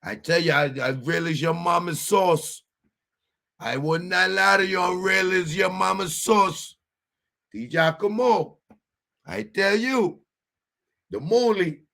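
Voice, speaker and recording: A man's voice: high voice, vocal fry, sharp tone, pitched above the performer's own voice, heavily acted. A man putting on the voice of a tough Italian-American mobster, wheedling and drawing out a name. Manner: wheedling gangster talk, drawn-out name calling.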